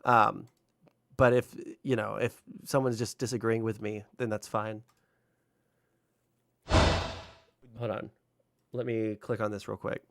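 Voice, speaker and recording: A man's voice: on the low side, little pitch movement, slow pace, gravelly, pauses often, slight background noise. A man livestreaming and chatting casually with his viewers, rambling with lots of fillers and swearing freely. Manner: talks to chat, unfiltered.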